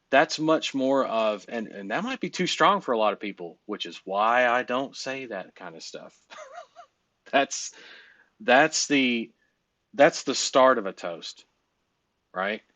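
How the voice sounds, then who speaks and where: A man's voice: medium pitch, fairly bright tone, dry recording. A man coaching in a casual, rambling way, blunt and full of fillers and cursing. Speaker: business coach.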